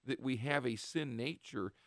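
Male radio Bible teacher, gravelly tone, dry close mic, earnest and halting. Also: medium pitch, fairly bright tone, dry recording. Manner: earnest, halting, with many restarts and fillers; acts out short quoted voices of the devil and apostles.

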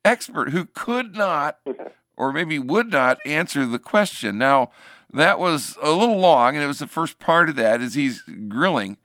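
A male host gives casual commentary on a clip. His voice is high and bright, and his pitch swings up and down a lot. The sound is dry and close, and he stumbles and restarts often. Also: no room sound. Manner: animated, halting, restarts often.

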